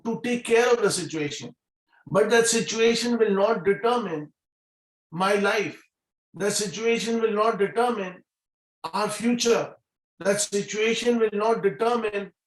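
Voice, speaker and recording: A middle-aged man delivers a motivational talk over a video call. His voice sits a little high and he hammers home points by repeating key phrases. The sound is echoey, as from a bare room. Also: a bit bright. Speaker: guest speaker at a business meeting.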